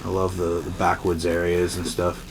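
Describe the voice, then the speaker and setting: A man's voice: sits low, completely flat delivery, normal speed, heavy background noise. A man hosting a comedy podcast, rambling and joking at his own expense. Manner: rambling, joking, self-deprecating. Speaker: podcast host. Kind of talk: casual podcast chat.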